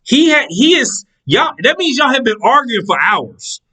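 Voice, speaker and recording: A man's voice: very high-pitched, a little slow, slightly rough, low-quality recording. A man telling a story in casual monologue, swearing freely and acting out the people in it. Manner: animated, profane, acts out the people in his stories.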